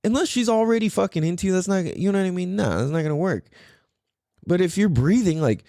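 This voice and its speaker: A man's voice: high voice, fast, gravelly, dry recording, clean studio sound. A man hosting a podcast, talking casually in a rambling way and swearing freely. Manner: animated, profane, rambling. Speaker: podcast host.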